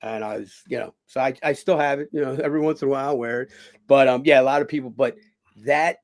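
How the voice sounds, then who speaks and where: A middle-aged man, a former boxer telling stories as a guest in a casual interview. He is an animated raconteur who acts out other people's lines. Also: medium pitch, fast talker.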